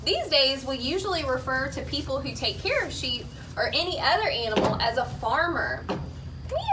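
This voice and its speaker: A woman reading a Bible lesson about shepherds to children in a steady, informative way. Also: sits high, far from the mic. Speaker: Bible story teacher. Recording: set back from the mic, clear background noise.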